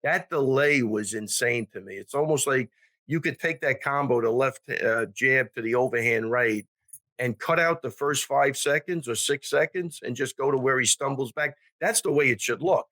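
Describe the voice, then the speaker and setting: A man with a New York accent, a guest on a fight podcast, talking bluntly in a halting way with many restarts and some swearing. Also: medium pitch, bright, forceful tone, no room sound. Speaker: guest, MMA coach. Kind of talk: casual sports chat.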